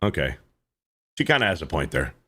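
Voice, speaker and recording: A man's voice: rumbling low, very animated, fairly quick, bright, forceful tone, slightly rough. A man hosting a livestream, reacting to clips in casual, profane commentary and often repeating himself. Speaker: livestream host.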